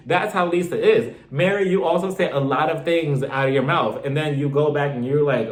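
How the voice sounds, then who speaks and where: A man's voice: fairly high pitch, a little fast, few pauses. Gossipy man recapping in echoey room. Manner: chatty, gossipy, addresses viewers as y'all. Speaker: reality TV recap vlogger. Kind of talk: casual recap chat.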